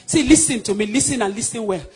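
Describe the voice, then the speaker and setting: A man from Nigeria with a Nigerian accent preaching a sermon, emphatic and swinging between loud declarations and hushed passages. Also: high-pitched, fast talker, slightly rough, faint music behind.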